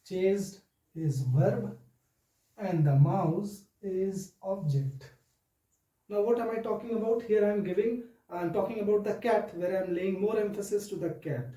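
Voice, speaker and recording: A man teaching a grammar lesson to children, speaking slowly and deliberately and often addressing them directly. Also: high voice, dark tone, reverberant, far from the mic, low-quality recording.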